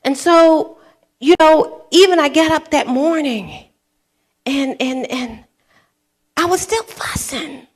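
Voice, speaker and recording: A woman pastor in her fifties preaching a sermon, telling a personal story with laughter and building to shouted preaching. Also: high voice, lively intonation, slow, long pauses. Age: 50s. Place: church sanctuary.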